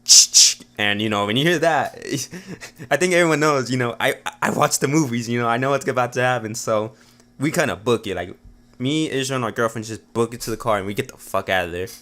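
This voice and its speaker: A man's voice: mid-range voice, brisk, a bit bright. A man vlogging a rambling story in a casual, profane way, full of "you know" and "like" fillers.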